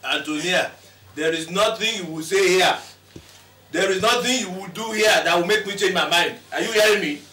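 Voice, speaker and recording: A man's voice: high-pitched, normal speed, sharp tone, echoey room, distant mic. A man with a Nigerian accent playing a frustrated, mocking boyfriend who blames his partner for his bad luck. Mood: scornful. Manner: scornful, mocking, pleading sarcastically. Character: bitter, frustrated man blaming his girlfriend. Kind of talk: Nollywood film acting.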